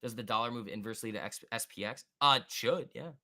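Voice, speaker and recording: On his livestream about stock trading, a male host with a medium pitch reads and responds to chat while commenting on the market. He's excitable and quick, thinking out loud as he goes.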